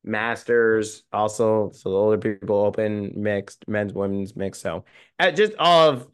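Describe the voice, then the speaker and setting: A man's voice: on the low side, measured pace, clear, resonant tone. A man co-hosting a sports podcast, chatting casually with plenty of ums and restarts. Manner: rambling, many fillers and restarts. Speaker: podcast co-host.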